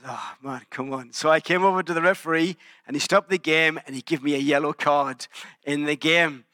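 Here a man from England in his forties, a pastor, delivers a sermon full of conversational, self-mocking anecdotes, restarting himself often. His pitch is a little high and his tone level, brisk, pushed and bright, clear and resonant. Studio-clean audio, free of echo.

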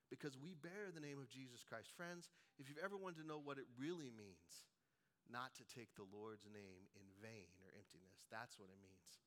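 A man's voice: mid-range voice, sharp tone. A middle-aged man preaching a sermon, telling stories and tossing in rhetorical "right?" asides. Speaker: pastor.

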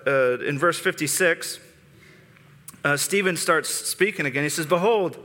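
A man's voice: a little high, pushed and bright, big-room sound. A man preaching a sermon in a conversational way, restarting phrases often, in a church sanctuary. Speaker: pastor.

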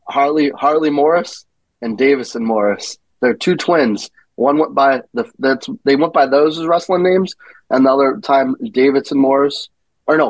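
Male podcast guest, mid-pitched voice, dry mic, animated rambling storyteller. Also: no room sound, poor audio. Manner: animated anecdote teller who acts out quotes and derails. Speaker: guest wrestler. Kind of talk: casual podcast chat.

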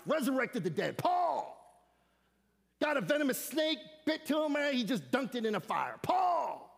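A man preaching an animated sermon as a guest speaker, with slangy asides and shouted emphasis. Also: very high-pitched, gravelly, long reverb tail. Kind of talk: energetic sermon. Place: church sanctuary.

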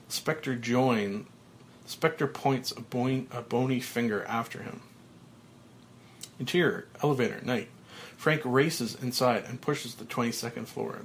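A man's voice: medium pitch, vocal fry, slight background noise. Man reading stage directions, matter-of-fact. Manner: steady, matter-of-fact, with small slips. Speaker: podcast host reading a film script.

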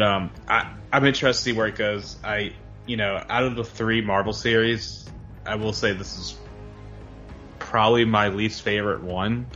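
A man in casual podcast talk rambles and hedges as he goes. His voice is low but bright and forceful in tone. The recording is slightly dull and lo-fi. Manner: rambling, hedging, trails off. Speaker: podcast co-host. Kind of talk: casual chat. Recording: slightly dull lo-fi audio, faint music.

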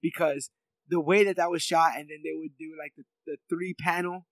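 A man's voice: a little high, steady tone, fairly quick, dry recording, low-quality recording. A man in casual chat, rambling with many fillers and laughs as he talks through a favorite scene.

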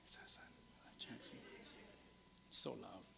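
A middle-aged man preaching a sermon in a church. He talks animatedly, swinging between loud exclaiming and hushed asides. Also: takes it slowly, in a whisper, in a large hall. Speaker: pastor. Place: church sanctuary.

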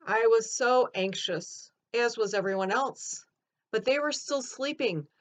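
A woman takes on Mary Magdalene, recounting events in an earnest, expressive way and building to emphatic outbursts. She speaks slowly at a middling pitch. The recording sounds dull and lo-fi. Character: earnest adult Mary Magdalene retelling her story. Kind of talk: first-person dramatic monologue.

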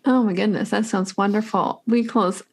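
A woman hosts a podcast and speaks in an effusive, gushing manner, full of thanks and praise. Her pitch is mid-range. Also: steady tone, normal speed. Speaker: podcast host. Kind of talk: casual interview chat.

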